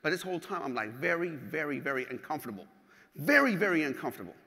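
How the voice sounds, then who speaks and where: Bright-voiced man giving a keynote. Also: a little high, fast. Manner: animated and profane, acts out scenes. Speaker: keynote speaker. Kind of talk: motivational keynote storytelling. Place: large hall. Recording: hall with long reverb.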